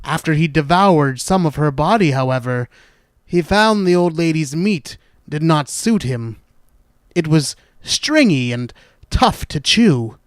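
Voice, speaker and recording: A man hosting a spooky podcast, narrating a horror story in a slow, deliberate, dramatic way, dropping to hushed dark turns. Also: a little high, animated, no echo, studio quality.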